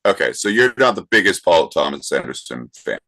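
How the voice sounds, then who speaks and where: A man's voice: low voice, sing-song, brisk, sharp tone. A man co-hosting a podcast, tossing out questions in a dry, offhand way during casual banter. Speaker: podcast co-host.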